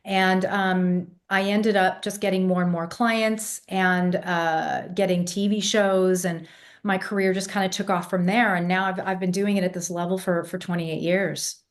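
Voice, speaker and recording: A woman's voice: on the low side, flat delivery, measured pace. A woman in her fifties, raised partly in England, now speaking with an American accent, talking confidently as a vocal coach in a podcast interview. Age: 50s. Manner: confident, emphatic, fluent storyteller.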